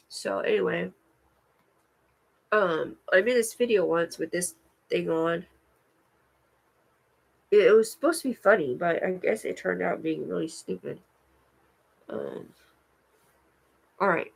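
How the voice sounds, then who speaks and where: A woman's voice: on the low side, vocal fry, low-quality recording. Woman, live-stream vlog, rambling, lots of fillers, restarts, swearing. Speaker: vlogger.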